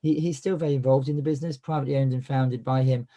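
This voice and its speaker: A man's voice: medium pitch, steady tone, quick pace, mellow. A man with a cold and a cough, hosting a business coaching webinar in a chatty style full of fillers and restarts. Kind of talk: live webinar presentation.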